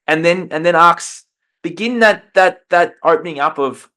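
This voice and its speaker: A man's voice: a little high, normal speed, sharp tone. A man speaking as a podcast guest and life coach, talking with passion and often repeating or restarting phrases. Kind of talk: earnest conversational interview.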